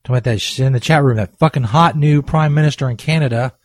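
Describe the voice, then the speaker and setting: A man's voice: medium pitch, fast, dry recording. A man hosting a comedy podcast, ranting profanely in exasperation and reading sponsor ads. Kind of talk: comedic rant and ad reads.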